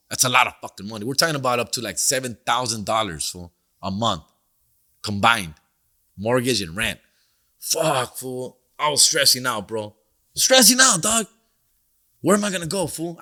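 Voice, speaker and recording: A man's voice: mid-range voice, bright, forceful tone. A middle-aged man hosting a podcast, telling stories in a casual, profane, slangy way and mixing in Spanish phrases. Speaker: podcast host and comedian. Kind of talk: casual storytelling monologue.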